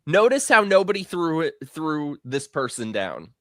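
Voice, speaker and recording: A man's voice: a little high, big pitch swings, unhurried, fairly bright tone, no room sound, clean studio sound. Emphatic, blunt male stream host. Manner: blunt, emphatic, swears freely. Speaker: host of a live talk stream. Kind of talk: casual live-stream chat.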